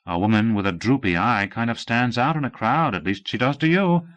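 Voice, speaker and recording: A man's voice: medium pitch, a little fast, a bit bright, muffled recording, lightly acted. A man reading a novel aloud, voicing a clumsy, fond husband who talks in a dry, wordy, ironic way. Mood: reasoning. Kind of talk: audiobook character voice.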